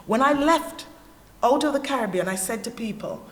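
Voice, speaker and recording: On the high side and at a normal pace, this woman's Jamaican-accented voice carries a candid, earnest personal testimony. She is speaking as a panelist in a church hall, animated as she tells her story. The recording is echoey, with faint ambience in the background.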